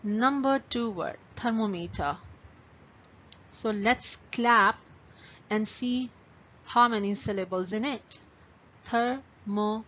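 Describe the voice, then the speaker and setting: A woman's voice: mid-range voice, slow, pauses often, a bit bright. A woman teaching a class of young pupils, patiently stretching out words syllable by syllable and giving step-by-step instructions. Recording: dull lo-fi recording with faint ambient noise.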